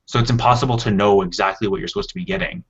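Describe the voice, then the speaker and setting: A man with a lowish voice co-hosts a tech podcast in a casual, rambling way, often restarting his sentences as he explains. The audio sounds dull and lo-fi. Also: very animated, very fast, vocal fry, fairly bright tone, slightly rough. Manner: explains at length with many restarts. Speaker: podcast co-host. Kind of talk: casual chat.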